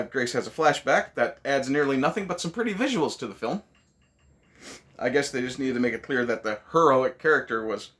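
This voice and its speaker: A man's voice: medium pitch, fairly bright tone. A man hosting a casual movie review, ranting sarcastically with lots of swearing.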